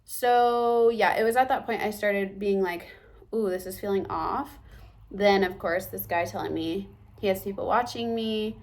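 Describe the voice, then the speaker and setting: A young woman telling a story to her camera in a casual vlog, animated and acting out the lines people said to her, with whispered asides. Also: mid-range voice, measured pace. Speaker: vlogger.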